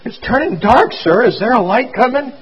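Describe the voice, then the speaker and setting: A man's voice: very high voice, expressive, breathy edge, highs cut off, pitched above the performer's own voice, full character voice. A man voicing a humble dying orphan boy. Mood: weak, pleading. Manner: plain, uneducated speech, slow and halting.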